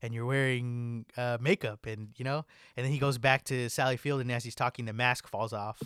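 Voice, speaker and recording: A laid-back young man in loose, casual chat, cursing freely and filling his sentences with "like." His voice sits at an ordinary middle pitch. It is recorded close and dry, with no room sound. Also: steady tone, brisk, a bit bright, smooth, no echo. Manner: laid-back, swears a lot, says "like" constantly.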